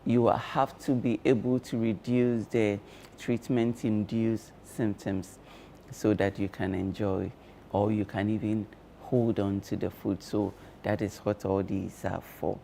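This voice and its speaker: A man speaking as a guest on a breakfast show, explaining care tips slowly and with many fillers. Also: lowish voice, little pitch movement, creaky, mellow, slight background noise. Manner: slow, measured explaining with frequent fillers. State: talking with cloves in his mouth. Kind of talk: explanatory studio talk.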